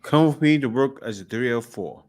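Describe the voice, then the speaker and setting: A man's voice: medium pitch, normal speed. A man hosting a reaction video, commenting casually and laughing as he mocks the clips. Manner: animated, laughing, mimics voices mockingly.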